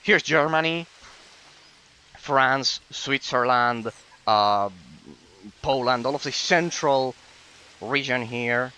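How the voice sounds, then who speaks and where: A man's voice: mid-range voice, slow pace, pauses often, pushed and bright, smooth, rough recording. A man, from Italy, giving analytical let's-play commentary as a gaming streamer, musing aloud with plenty of fillers.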